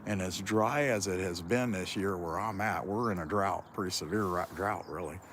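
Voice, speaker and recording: A livestream host from Central Ohio with a Kentucky accent rambles casually while out in farm fields, describing his own speech as a lazy drawl. His voice is low and a bit bright, at normal speed. There's slight noise in the background.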